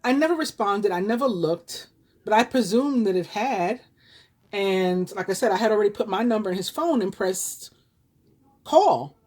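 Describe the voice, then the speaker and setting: A woman in her fifties with a New York accent, a tarot reader talking straight to her viewers. Her pitch sits in the middle and she rambles in a chatty way, with lots of fillers and restarts. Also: lively intonation, moderate pace, a little mellow. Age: 50s. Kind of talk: casual storytelling to viewers.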